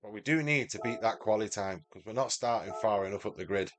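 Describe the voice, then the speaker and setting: A man's voice: on the low side, quick pace. A man with a Mancunian accent, commentating his live sim-racing stream and chatting with viewers by name. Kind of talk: live gameplay commentary and chat.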